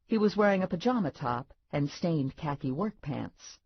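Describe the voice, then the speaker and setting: A woman reading a first-person audiobook with wry, deadpan asides and a pitch that moves around a lot. Her voice is a touch husky, and the recording is dry and dull, lacking crispness. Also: moderate pace, dry recording. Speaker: audiobook narrator. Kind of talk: first-person scripted narration.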